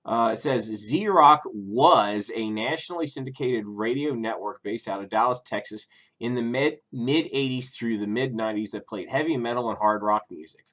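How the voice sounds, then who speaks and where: A man's voice: mid-range voice, normal speed, a bit bright. A middle-aged man from the Cincinnati area giving a rambling, profane casual review on his vlog, full of ums and self-corrections. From Cincinnati area, USA. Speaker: YouTuber reviewing streaming services.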